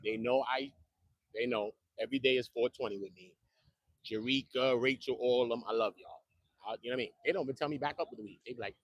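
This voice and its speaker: A man's voice: medium pitch, slightly rough, dry recording, studio quality. A man, rambling casually to the camera in slang, joking and repeating himself.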